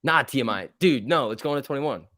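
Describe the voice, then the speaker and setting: An excitable young man chats through a live stock-market stream, laughing easily and reacting to the chat as it scrolls by. His voice sits in a middle register and sounds dry and close, with no room echo around it. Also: mid-range voice, a little fast. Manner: excitable, laughs often, reads chat aloud. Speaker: stock livestream host.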